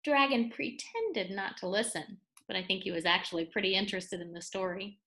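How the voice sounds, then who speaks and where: A woman's voice: medium pitch, fairly quick, bright, forceful tone. Woman reading a picture book to kids. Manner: explains words, adds playful asides. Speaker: read-aloud storyteller for children. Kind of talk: children's picture book read-aloud.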